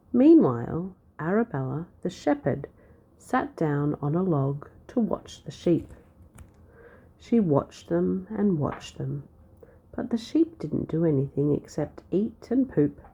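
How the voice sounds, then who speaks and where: A woman reading a children's storybook aloud, with a lively, expressive delivery. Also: low-pitched, gravelly, slightly rough. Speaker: storybook narrator.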